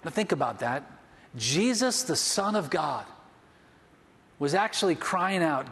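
A man's voice: on the high side, big pitch swings, measured pace, pauses often, a bit bright, in a large hall. A man preaching a sermon as pastor, impassioned, often restarting his phrases.

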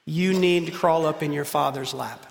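A middle-aged male pastor preaching a passionate sermon, swinging from loud appeals to hushed, intimate moments. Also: a little high, moderate pace, gravelly, slight background noise. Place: church sanctuary. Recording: roomy church hall reverb.

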